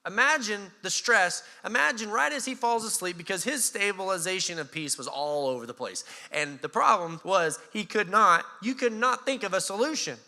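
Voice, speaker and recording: American pastor guy preaching, lively, does little voices, somewhat high voice, echoing church hall. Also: moderate pace, few pauses. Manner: animated, acts out voices with sarcasm and laughs. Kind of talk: sermon.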